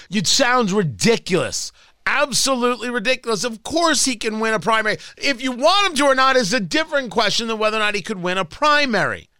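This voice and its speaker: Radio host guy ranting, sarcastic, repeats himself for punch, high lively voice, dry mic. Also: clean tone, no room sound. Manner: combative, sarcastic, emphatic repetition. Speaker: radio talk show host. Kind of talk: opinionated political talk radio monologue.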